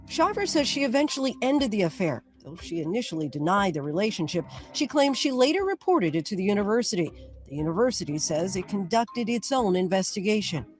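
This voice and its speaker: A woman narrating a scripted news report in a measured, crisp delivery. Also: medium pitch.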